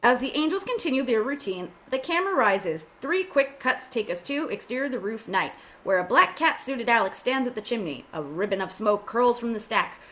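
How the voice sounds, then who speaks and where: A woman's voice: on the high side, sing-song, normal speed, hardly any pauses, a bit bright. A woman reading the stage directions aloud in an amateur script reading, adding joking asides as she goes.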